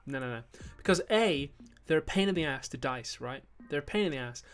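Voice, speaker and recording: A man's voice: on the high side, animated, fairly quick, clean tone. Geordie male host, casual stream chat, loose and rambling with mock-outraged bursts, faint music under. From Newcastle, northern England. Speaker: YouTube host on a livestream. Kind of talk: casual live-stream chat reading super chats.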